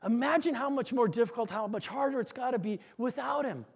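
A man preaching a sermon, telling stories and dropping to a soft hush on key lines. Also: extremely high pitch, a little fast, gravelly, slightly rough.

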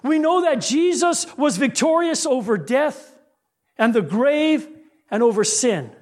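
High-voiced man preaching a rhythmic sermon. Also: expressive, unhurried, darkish tone. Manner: rhythmic, building refrains, dropping low on key lines.

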